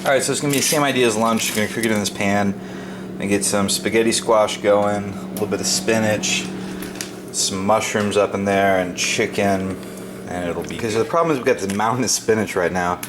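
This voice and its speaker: Young male vlogger, lowish voice, offhand home-video chatter over steady background noise. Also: a little fast. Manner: offhand and rambling, self-mocking asides. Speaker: fitness vlogger. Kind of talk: casual vlog narration. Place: home, kitchen and bathroom.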